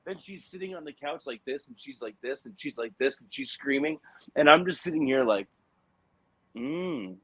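A man in his thirties in casual podcast chat, telling animated stories full of fillers. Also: mid-range voice, brisk, slightly rough, no room sound. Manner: animated storyteller, many fillers like "like" and "you know".

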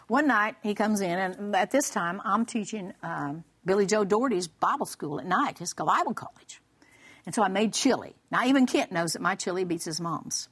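A woman's voice: medium pitch, normal speed, husky. A woman giving a humorous personal testimony on a Christian broadcast and acting out the dialogue as she tells it. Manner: lively storytelling, acting out dialogue; humorous, laughs while telling. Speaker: guest speaker.

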